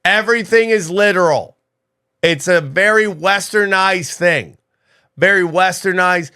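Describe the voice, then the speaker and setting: A man of Armenian heritage hosting a podcast in a casual, animated, rambling way. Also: measured pace, smooth. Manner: animated, rambling, jumps up in pitch when excited. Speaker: podcast host.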